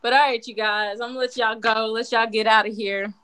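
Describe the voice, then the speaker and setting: A woman's voice: on the high side, brisk, smooth. A young woman hosting her first podcast over a video call, chatting casually with lots of fillers. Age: young adult. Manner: chatty, excitable, many fillers. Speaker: podcast host.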